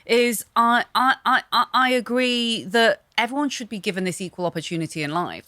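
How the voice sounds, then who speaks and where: Low-voiced woman chatting fast on a podcast. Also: no room sound. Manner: fast, animated talker with many fillers. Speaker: podcast guest. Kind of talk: casual podcast conversation.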